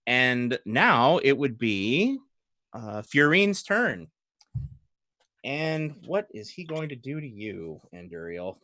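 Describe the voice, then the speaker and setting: A man's voice: a little high, slow, dry recording, studio quality. A man running a tabletop game as dungeon master, narrating actions and laughing along with players. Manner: relaxed, guiding, laughs often.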